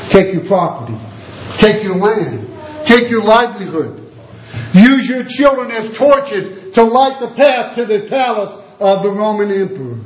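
A man's voice: very animated, a little slow, reverberant, lo-fi sound, slight background noise. A man preaching a sermon with passion, firing rhetorical questions and swinging his voice up and down. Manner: impassioned, rhetorical questions, wide swings in pitch.

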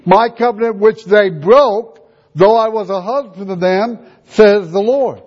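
High-voiced preacher man, emphatic. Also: measured pace, slightly rough. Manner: emphatic, repeating rhetorical questions. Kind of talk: sermon. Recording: dull lo-fi recording.

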